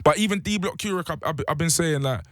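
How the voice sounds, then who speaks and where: A young man with a London accent, talking in a radio studio interview, animated and slangy, repeating himself and jumping high when excited. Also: fast, dry recording. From England. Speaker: guest rapper. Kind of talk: casual interview chat. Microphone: studio mic.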